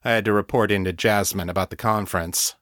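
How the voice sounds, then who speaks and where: A man voicing a good-humored, playful man in an audiobook story, close to his own low voice. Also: steady tone, fast, fairly bright tone, dry recording, close to an everyday voice. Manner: playful, wry.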